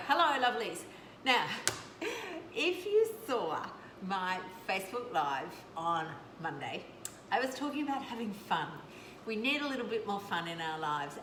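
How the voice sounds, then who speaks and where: A woman's voice: mid-range voice, sharp tone. Chatty woman in an echoey kitchen. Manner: chatty and effusive, rambling asides to viewers. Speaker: doctor hosting a live cooking and coaching stream. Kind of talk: casual live-stream chat. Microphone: webcam or phone camera mic. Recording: echoey room with background noise.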